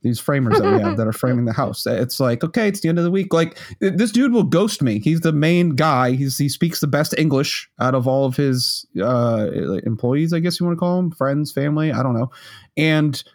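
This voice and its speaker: Lively rambling podcast co-host. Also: male voice, mid-range voice, moderate pace. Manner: rambling, restarts often, laughs easily. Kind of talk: casual chat.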